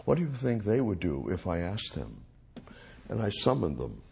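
A man's voice: low voice, huge pitch swings, normal speed, gravelly, darkish tone, slightly rough. A man teaching the Bible verse by verse, repeating phrases and restating each verse in plain everyday words.

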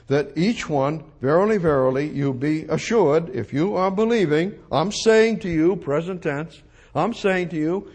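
A man preaching an expository sermon, emphatic, repeating phrases and swinging from loud declarations to quiet asides. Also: a little high, husky.

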